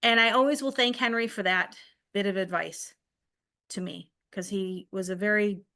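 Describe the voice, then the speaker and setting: A woman's voice: mid-range voice, steady tone, normal speed, sharp tone. A middle-aged woman co-hosting a casual podcast chat, telling personal stories and laughing easily. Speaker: podcast co-host.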